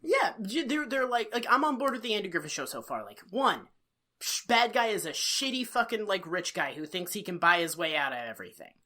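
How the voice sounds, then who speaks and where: A woman co-hosting a casual podcast, recapping a TV episode with salty language and bursts of mimicry. Her voice sits in a middling pitch and has a bright ring to it. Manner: profane, animated recapping with quick impressions. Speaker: podcast co-host.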